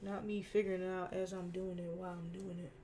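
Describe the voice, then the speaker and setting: A young woman streaming while she draws, ranting casually in an animated, slangy way and laughing often. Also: on the low side, fairly quick, slight background noise. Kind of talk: casual rant while drawing.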